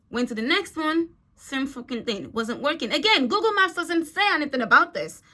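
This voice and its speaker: A young woman telling a storytime vlog in a chatty, animated way, swearing freely. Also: high voice, moderate pace. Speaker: vlogger. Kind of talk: casual storytime.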